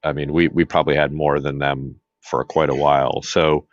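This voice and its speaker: A man with an extremely deep, low voice, co-hosting a podcast in a relaxed political chat. He rambles and restarts his sentences often. The audio is dry and a little muffled. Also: normal speed, no room sound. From Massachusetts. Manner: rambling, many fillers and restarts. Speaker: podcast co-host.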